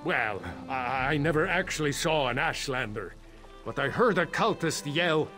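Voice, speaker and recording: A man's voice: on the high side, lively intonation, measured pace, sharp tone, faint music behind. An actor playing a nervous male mine boss in a video game, talking in a dry, sardonic way. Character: worried male mine boss, wry and jumpy. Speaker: mine owner non-player character.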